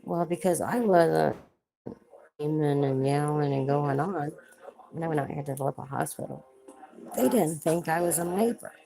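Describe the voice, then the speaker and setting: Very low-voiced woman telling stories. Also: normal speed, gravelly, dark tone, rough recording. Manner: chatty, greets viewers mid-story. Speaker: livestream host. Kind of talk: casual storytelling livestream.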